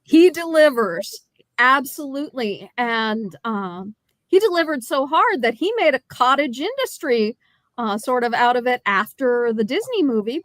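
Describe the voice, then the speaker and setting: A woman co-hosting a podcast, informative and analytical, speaking in a measured casual chat about an old film. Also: on the high side, fairly bright tone, no echo. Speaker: podcast co-host. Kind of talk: casual movie review chat.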